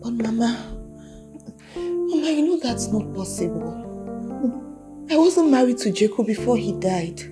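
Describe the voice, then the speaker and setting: A woman's voice: a little high, big pitch swings, a little slow, pauses often, over music. An actress playing a caring young woman who soothes and pleads, with a Nigerian accent. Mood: comforting. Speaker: daughter-in-law.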